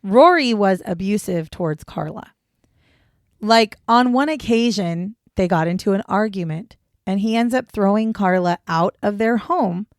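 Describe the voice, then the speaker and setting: A woman's voice: medium pitch, unhurried, dry recording, studio quality. A young woman co-hosting a true crime podcast, talking casually and bluntly, swearing freely. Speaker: podcast co-host.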